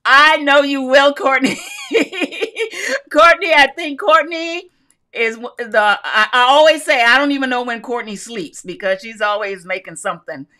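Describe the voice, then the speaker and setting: A woman's voice: sits high, normal speed, sharp tone. A woman hosting a casual live craft stream, greeting viewers by name and reading their comments aloud in a chatty, upbeat way with frequent laughs.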